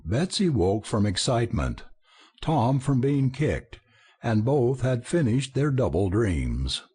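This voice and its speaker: A man's voice: mid-range voice, big pitch swings, slow pace, warm tone, breathy edge. A man narrating an audiobook in a wry, theatrical storytelling manner. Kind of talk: scripted narration.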